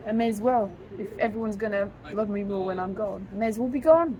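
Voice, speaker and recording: A woman interviewing a stage performer, chatting casually and reacting often with quick agreement and lively opinions. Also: medium pitch, rough recording.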